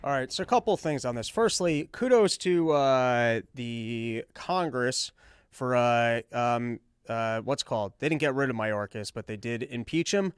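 Man, podcast host, rambling sarcastic commentary, smooth resonant voice, dry close sound. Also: mid-range voice, unhurried, no echo. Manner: rambling, sarcastic, mocks others in put-on quotes. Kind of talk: casual political commentary.

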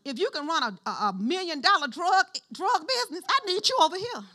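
Here a middle-aged woman pastor speaks in a very high pitch at a fairly quick clip. Her sermon is animated and chatty, and she calls on the congregation to reply.

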